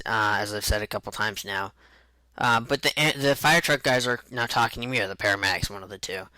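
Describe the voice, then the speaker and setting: Bright-voiced young man telling a story. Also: medium pitch, no echo, poor audio. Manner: rambling, halting, with restarts. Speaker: vlogger recounting a truck accident. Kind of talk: unscripted personal storytelling.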